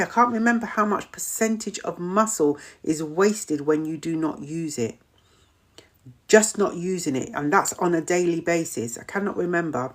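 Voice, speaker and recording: A middle-aged woman hosting a live stream, chatting casually, repeating her points and reading out viewer comments. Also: fairly low pitch. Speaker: host of a wellness live stream.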